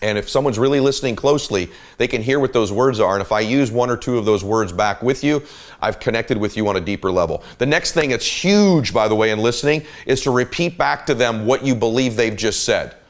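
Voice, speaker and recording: A man's voice: mid-range voice, fairly quick. A middle-aged man hosting a podcast, giving an emphatic, coaching motivational talk about listening. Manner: emphatic, coaching, shifts volume and pace to illustrate. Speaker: podcast host.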